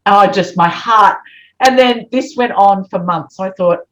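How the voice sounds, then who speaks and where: A woman's voice: mid-range voice, a little slow. A woman, telling a story as a guest and acting out the voices of the people in it. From Australia. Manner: animated, acts out quoted voices. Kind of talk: storytelling in conversation. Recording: dull lo-fi sound.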